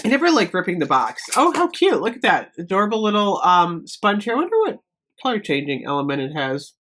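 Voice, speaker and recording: A woman's voice: mid-range voice, huge pitch swings, brisk, a bit bright. Chatty woman in her fifties. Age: 50s. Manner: chatty and gushing, many ums. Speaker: beauty vlogger. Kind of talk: casual product unboxing.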